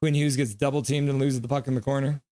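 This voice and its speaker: A young man on a live stream, calling hockey play and reading chat aloud with excitable, goofy delivery. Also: medium pitch, fast.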